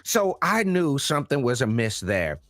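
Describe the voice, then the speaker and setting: A man co-hosting a podcast, talking in an animated, incredulous and slangy way. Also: medium pitch, moderate pace, slight background noise. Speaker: podcast co-host. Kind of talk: casual commentary chat.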